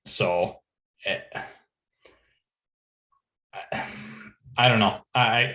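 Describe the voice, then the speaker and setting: A lowish male voice, speaking slowly and deliberately as he argues about football. The sound is roomy, with noticeable echo around him. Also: bright, forceful tone. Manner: deliberate, opinionated, repeats points. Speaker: podcast co-host. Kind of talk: casual football chat. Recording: echoey room.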